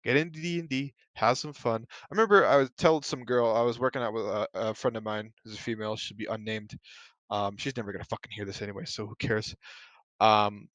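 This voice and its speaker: A man's voice: lowish voice, steady tone, a little fast, fairly bright tone, dry recording. A man hosting a casual solo podcast, talking bluntly and profanely, working himself into heated rants full of "you know" and "like.". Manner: loose talk with fillers like "you know" and "like". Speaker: podcast host.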